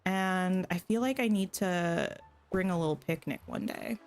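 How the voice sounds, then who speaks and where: A gaming streamer with a fairly low, slightly mellow voice talks at an unhurried pace. She chats casually and thinks out loud while playing a video game.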